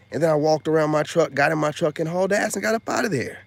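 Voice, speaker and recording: A man telling a story as a channel host, loud and excitable, and acting out the voices of the people he quotes. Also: a little high, quick pace, vocal fry, few pauses. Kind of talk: animated storytelling monologue.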